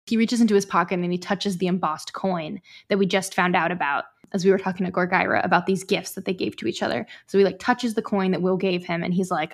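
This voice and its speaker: A woman hosting a book-club podcast, chatting excitedly and reading narration aloud. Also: mid-range voice, brisk, hardly any pauses. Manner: chatty, filler-heavy, excitable. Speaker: podcast host.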